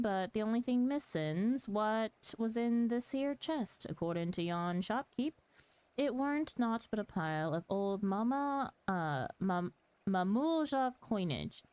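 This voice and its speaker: A woman voicing a rough, scheming male pirate sailor with a put-on pirate accent, reading game dialogue aloud in a slangy drawl. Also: medium pitch, darkish tone, no echo, poor audio.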